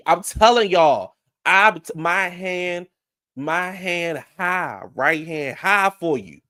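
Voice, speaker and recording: A man, casually reviewing a reality show, loud and animated, with profane storytelling and sudden falsetto outbursts. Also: extremely slow, long pauses, no room sound, clean studio sound. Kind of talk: casual reaction commentary.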